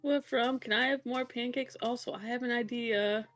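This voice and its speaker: A woman joining a tabletop role-play, playful and a bit hesitant as she speaks. Her voice sits fairly high. Faint music plays behind her. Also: fairly even intonation, normal speed, a bit bright. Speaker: player.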